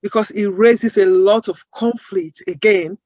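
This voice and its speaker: A woman's voice: medium pitch, unhurried, a little mellow, no echo, lo-fi sound. Earnest woman making emphatic points. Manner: emphatic, builds points with rhetorical questions. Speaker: guest, accent-bias advocate. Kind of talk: interview answers.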